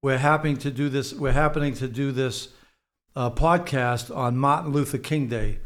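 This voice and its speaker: Older guy on a podcast, business exec, talks slow and careful, middle pitch. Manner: slow, deliberate and reflective. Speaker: real estate executive guest. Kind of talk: podcast interview conversation.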